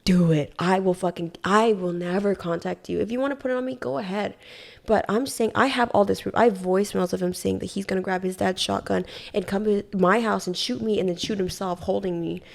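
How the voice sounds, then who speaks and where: Young woman, podcast guest, casual and animated, curses a lot, gravelly fry in a mid-pitched voice. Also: fairly quick. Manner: animated retelling, heavy swearing, acts out quotes. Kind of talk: casual storytelling. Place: Hawaii.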